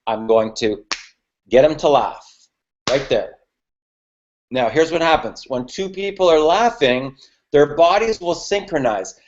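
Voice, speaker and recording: On lo-fi audio, a man with a fairly high, somewhat mellow voice teaches business networking at a measured pace, pausing often and sounding animated. As a mentor running a coaching webinar, he stresses his points and keeps asking the audience "okay?" and "right?" after almost each one.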